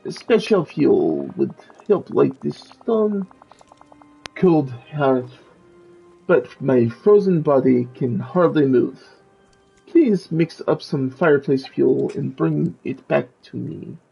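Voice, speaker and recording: A man voicing a cheerful, courtly French male candelabra from a game, with an attempted French accent and a gravelly voice. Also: mid-range voice, very animated, takes it slowly, lo-fi sound, faint music behind, heavily acted. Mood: courteous. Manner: courtly, gallant, theatrical.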